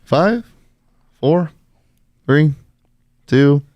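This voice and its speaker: Man, quiz host, reading clues, playful, animated pitch, dry room. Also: very slow, dry recording, highs cut off. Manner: lively, laughing, playful teasing. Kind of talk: casual quiz game hosting.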